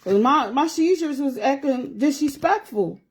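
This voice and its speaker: Chatty woman in her forties, slightly high. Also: animated, unhurried. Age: 40s. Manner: chatty and candid, addresses viewers directly; while doing her nails. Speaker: livestreamer. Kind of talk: casual chat on a livestream.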